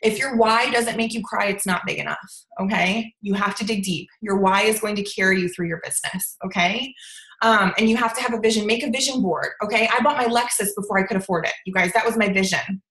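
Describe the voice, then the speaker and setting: A woman's voice: medium pitch, fairly quick, fairly bright tone, roomy sound, rough recording. Emphatic woman giving a pep talk. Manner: emphatic, repeats "okay?" and "you guys". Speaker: team leader of a sales business. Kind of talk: motivational pep talk on a video call.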